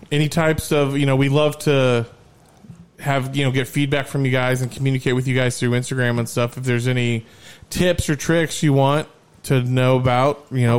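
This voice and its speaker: Podcast host guy, animated storyteller, swears a lot, casual chat. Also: medium pitch, clean tone.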